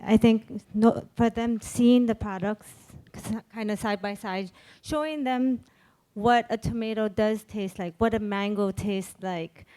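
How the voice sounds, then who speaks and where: A woman chef on a panel telling a lively story, acting out quoted dialogue. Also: medium pitch, a little slow.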